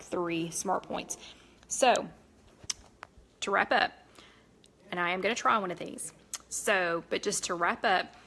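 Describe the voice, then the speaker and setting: A woman's voice: mid-range voice, fairly bright tone. Chatty middle-aged woman. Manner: chatty, rambling, many fillers and self-corrections. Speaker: host of a live cooking chat. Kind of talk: casual live-stream chat.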